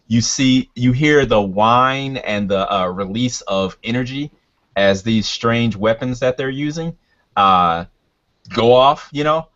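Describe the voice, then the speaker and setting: A man running a tabletop game as game master, narrating in a halting way with many fillers and restarts. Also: lowish voice, fairly bright tone, muffled recording.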